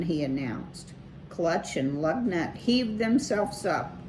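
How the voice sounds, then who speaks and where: Brief: woman reading a kids' chapter book aloud, unhurried, lowish voice. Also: a little hiss or hum, low-quality recording. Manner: measured, expressive reading. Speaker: children's story reader.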